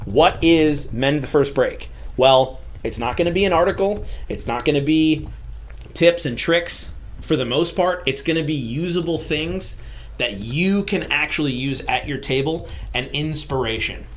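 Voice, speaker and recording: A man's voice: a little high, measured pace. Upbeat man co-hosting a gaming stream. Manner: upbeat, talkative, loose. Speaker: co-host of a tabletop game channel. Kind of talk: casual livestream chat.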